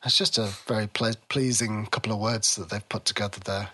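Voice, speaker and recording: A man's voice: lowish voice, steady tone, sharp tone, husky. A man narrating a comedy tabletop game as game master, playful and teasing. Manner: playful, teasing, halting with fillers. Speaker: game master and podcast host.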